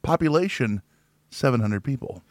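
A man's voice: medium pitch, animated, normal speed, no echo, studio quality. A man from Illinois chatting casually on a podcast, joking and rambling with frequent laughs. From Illinois, near Chicago. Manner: jokey, rambling, laughs often.

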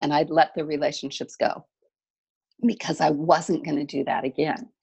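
Gravelly middle-aged woman, reflective. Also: sits low, flat delivery, normal speed, rough recording. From California. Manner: reflective, many soft "um"s. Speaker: guest. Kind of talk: personal storytelling in conversation.

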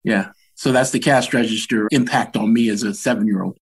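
Reflecting earnestly on his upbringing, this podcast guest, a Washington, DC, man in his sixties, becomes animated when recounting anecdotes. He speaks fairly quickly in a lowish, slightly rough voice.

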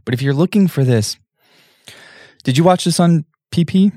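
A man's voice: a little high, moderate pace, warm tone, no room sound, clean studio sound. A man co-hosting a podcast in casual chat, rambling and offhand. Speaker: podcast co-host.

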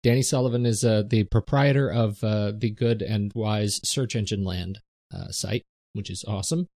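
Teasing man co-hosting a podcast. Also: fairly low pitch. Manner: teasing, animated, quick banter. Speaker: podcast co-host. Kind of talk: casual chat.

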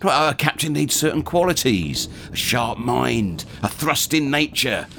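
An actor playing a glum, blunt pirate captain who would rather be the ship's cook. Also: male voice, mid-range voice, lively intonation, a little slow, gravelly, bright, forceful tone, a little hiss or hum, full character voice. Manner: grumbling, blunt.

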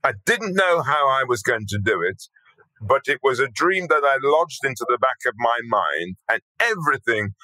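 Older male guest, forceful and bright, emphatic, swears freely. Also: medium pitch, no echo, poor audio. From Birmingham, England. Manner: blunt, earthy and emphatic, swears casually. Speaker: podcast guest. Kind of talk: storytelling interview talk.

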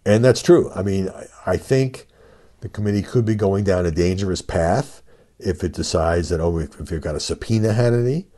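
A man's voice: sits low, normal speed, dark tone. An older man hosting a solo podcast, giving conversational commentary with fillers and emphatic rhetorical questions. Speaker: podcast host and media commentator.

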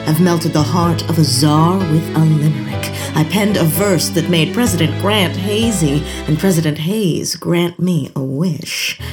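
A woman's voice: on the low side, close to an everyday voice. A woman playing a proud Victorian poetess. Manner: self-important, measured declamation. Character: dramatic Victorian woman poet, proud and dutiful.

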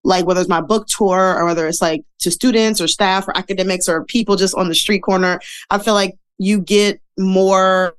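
A woman's voice: mid-range voice, steady tone, normal speed, clear, resonant tone. A woman in her thirties, a guest telling her story in a candid, chatty, self-deprecating way that is full of fillers and laughs. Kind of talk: casual interview storytelling.

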